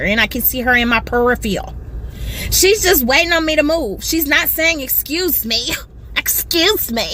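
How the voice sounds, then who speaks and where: A woman telling an animated story to her phone from a parked car, acting out other people's voices. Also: fairly high pitch, a little hiss or hum. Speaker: social media storyteller. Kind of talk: storytime video.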